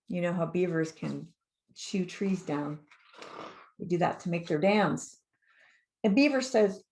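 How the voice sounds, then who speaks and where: A middle-aged woman, a children's author, reading her picture book aloud to kids in a lively, encouraging way and asking them questions. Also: on the low side, unhurried, gravelly. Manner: lively, animated and encouraging, with questions put to young listeners. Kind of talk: read-aloud storytime for kids.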